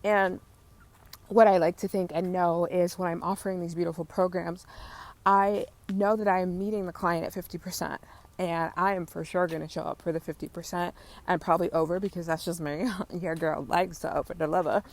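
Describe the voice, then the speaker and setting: A woman's voice: steady tone, fairly quick, darkish tone. A young adult woman hosting a spiritual business podcast, talking in a casual, effusive, motivational way while walking outside through her neighborhood, with casual swearing. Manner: effusive, swears casually, coos high at cats.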